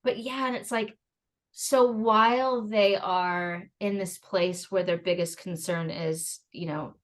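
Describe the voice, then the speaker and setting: A woman who is a parent and a podcast guest, talking in a casual, animated way that wanders into tangents and acts out quotes. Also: on the low side, takes it slowly. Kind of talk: casual conversational interview.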